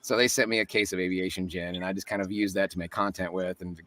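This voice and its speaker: A chatty man speaks as a guest in a relaxed interview, joking and laughing as he tells his stories. His voice sits a little low. The recording is dry, with him sitting slightly back from the microphone. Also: fast talker, no echo, far from the mic. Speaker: guest voice actor. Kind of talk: casual interview chat.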